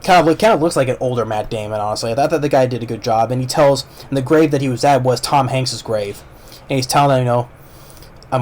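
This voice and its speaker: A man's voice: mid-range voice, expressive, fast talker, darkish tone, slight background noise. A man giving a casual, rambling movie review, retelling the plot with lots of fillers and restarts.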